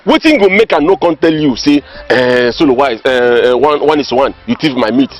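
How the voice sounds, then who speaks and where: A man's voice: mid-range voice, animated, normal speed, close to an everyday voice. An actor with a Nigerian accent playing a village man who insistently passes on gossip. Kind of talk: Nollywood comedy film acting. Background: faint background music.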